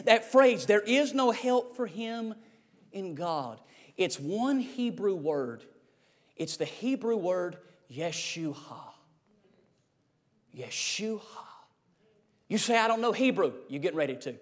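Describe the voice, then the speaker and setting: A man preaching a fiery sermon, rising to shouts and dropping to a low hush. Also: lively intonation, a little slow, in a large hall.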